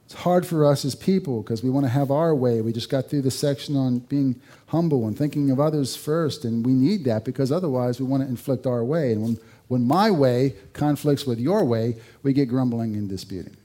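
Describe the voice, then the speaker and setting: Mellow-voiced male pastor preaching. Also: mid-range voice, fairly quick, hardly any pauses. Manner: conversational, rhetorical questions, dry humor. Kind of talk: sermon.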